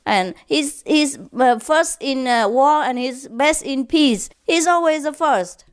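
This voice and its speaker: A woman's voice: high-pitched, expressive, slow pace, voice pushed up. A woman voicing an earnest young male teammate who argues his point step by step. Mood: eager. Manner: eager, arguing point by point.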